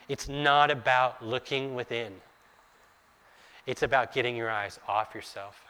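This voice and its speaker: A male preacher delivers a sermon at an unhurried pace. His voice is bright and forceful. He acts out the quoted dialogue with mounting intensity, then drops almost to a whisper for the intimate lines. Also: mid-range voice.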